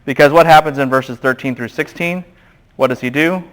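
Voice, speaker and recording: A man giving a classroom Bible lecture, animated and quizzing the students with questions. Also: medium pitch, a little fast.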